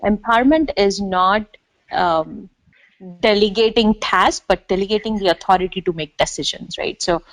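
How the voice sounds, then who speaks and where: A woman agile coach explaining her ideas in a casual panel discussion, pausing with fillers and clearing her throat. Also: medium pitch, dry recording, poor audio.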